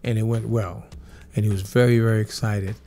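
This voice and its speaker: A man's voice: lowish voice, steady tone, a little fast, vocal fry, mellow. A man, a professional drummer, answering fan questions and telling personal stories in an earnest, repetitive way that piles phrase on phrase.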